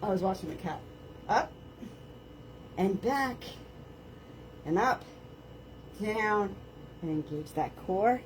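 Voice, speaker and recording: A woman's voice: medium pitch, expressive, takes it slowly, pauses often, slight background noise. A woman leading a live floor workout at home, chatting and joking about herself as she talks viewers through planks and stretches and counts the reps aloud. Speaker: fitness instructor. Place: indoors at home, on a floor mat. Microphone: camera on the floor.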